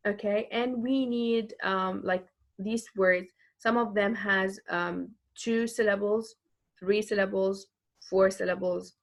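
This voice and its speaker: In a recorded online English lesson, a woman teacher with a mid-range voice explains things patiently and slowly. She repeats each example and uses frequent fillers.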